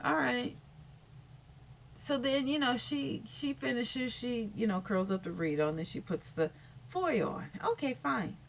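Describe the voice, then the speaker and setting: A woman's voice: fairly high pitch, unhurried, creaky, slight background noise. A middle-aged woman vlogger telling a casual story-time monologue, rambling with lots of fillers and restarts and acting out every exchange. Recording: dull lo-fi audio.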